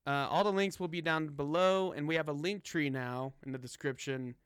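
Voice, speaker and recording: A man's voice: a little high, normal speed, fairly bright tone, smooth, no room sound, studio quality. A young man co-hosting a casual drinking podcast, laughing often and joking loosely. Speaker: podcast co-host.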